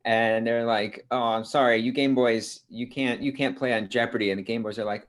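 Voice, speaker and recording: A man's voice: mid-range voice, fairly even intonation, moderate pace, few pauses. A man doing online improv comedy, telling easygoing jokes. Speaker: improv performer. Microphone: video call.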